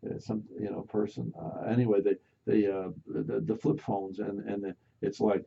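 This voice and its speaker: A man hosting a live radio talk show, telling stories in a casual, animated way and acting out the voices of the people in them. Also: lowish voice, normal speed, vocal fry, hardly any pauses, breathy edge. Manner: animated storyteller, acts out loud voices. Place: radio studio. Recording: dull lo-fi radio broadcast.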